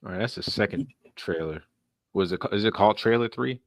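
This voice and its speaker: A man hosting a casual podcast chat, animated and rambling, often laughing and restarting his sentences. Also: lowish voice, fairly quick, no room sound, studio quality. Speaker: podcast host.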